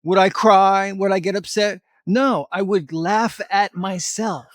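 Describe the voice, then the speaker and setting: Blunt, high-voiced motivational man. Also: fairly even intonation, a little slow, no echo, studio quality. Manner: blunt, emphatic, mild cursing. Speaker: fitness vlogger. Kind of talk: motivational talk to camera.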